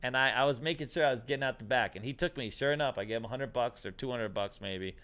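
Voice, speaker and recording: A man's voice: mid-range voice, quick pace, a bit bright, smooth. A middle-aged man telling stories in casual chat, acting out dialogue and laughing often.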